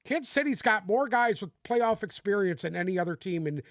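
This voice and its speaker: High-voiced, profane sports-podcast man. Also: lively intonation, brisk, no room sound. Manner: profane, emphatic, exasperated rants. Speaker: podcast co-host. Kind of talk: casual sports debate.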